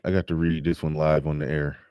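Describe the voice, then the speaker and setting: A man's voice: very deep voice, little pitch movement, fairly quick, clear, resonant tone, dry recording, lo-fi sound. A man hosting a live show, commenting in a chatty, wry way and reading pages aloud. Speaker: podcast host.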